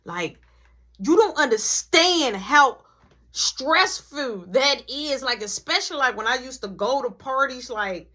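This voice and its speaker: A woman telling a casual story, animated and laughing as she acts out every voice. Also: high-pitched, measured pace.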